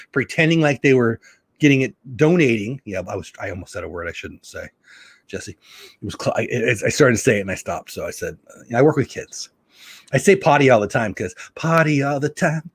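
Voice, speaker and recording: A man's voice: medium pitch, no echo. A middle-aged man hosting a casual live stream from home, rambling and opinionated as he chats with viewers. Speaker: livestream host.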